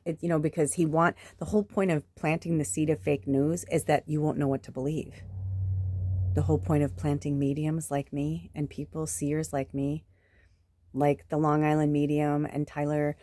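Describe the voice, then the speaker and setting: A woman's voice: low voice, mellow. A woman in her fifties, a spiritual medium, rambling in a chatty, emphatic way and swearing often. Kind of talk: casual rambling monologue.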